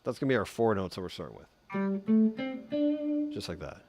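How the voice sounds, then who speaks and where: A man giving a relaxed, chatty guitar lesson on a live stream, humming note sounds as he explains. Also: low voice, fairly quick, creaky. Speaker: guitar teacher.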